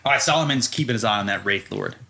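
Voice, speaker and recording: Bright-voiced man recapping a story. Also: on the low side, fast talker, gravelly. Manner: loose, profane storytelling with frequent laughs. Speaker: podcast co-host. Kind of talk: casual recap chat.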